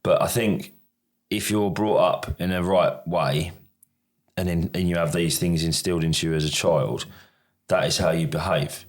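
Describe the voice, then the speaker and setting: A man's voice: sits low, moderate pace. A middle-aged man from the UK, a podcast co-host, chatting casually in a rambling, self-deprecating way with lots of restarts. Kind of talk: casual chat.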